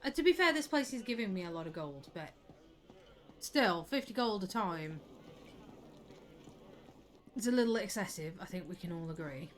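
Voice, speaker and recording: A woman streaming a game live, chatting away excitably and swearing now and then. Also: on the low side, normal speed, pauses often. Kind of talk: live gameplay commentary.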